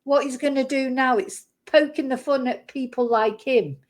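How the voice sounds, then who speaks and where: A woman's voice: high-pitched, normal speed. A woman giving casual reaction commentary on clips, blunt and indignant, chatting with frequent restarts. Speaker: commentary vlogger.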